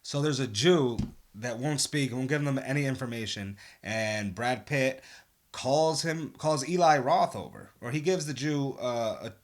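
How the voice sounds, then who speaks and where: A man's voice: medium pitch, measured pace. A man co-hosting a casual film review podcast, talking enthusiastically with lots of ums and uhs. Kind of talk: casual chat.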